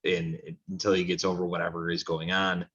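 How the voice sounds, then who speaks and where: Man, very deep voice, opinionated soccer talk, rambling, slightly dull recording. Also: little pitch movement, brisk, a bit bright. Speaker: co-host of a soccer talk show. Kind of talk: casual sports chat.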